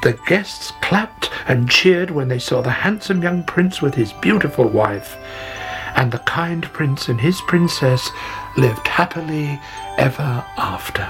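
A storyteller reading a fairy tale aloud in a measured way. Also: medium pitch, lively intonation, fairly bright tone, soft background music, low-quality recording. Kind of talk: scripted fairy tale narration.

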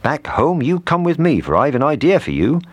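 A man voicing a cheerful village baker who speaks in a bright, hearty, raised voice. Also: a little high, very animated, moderate pace, no room sound, voice pushed up.

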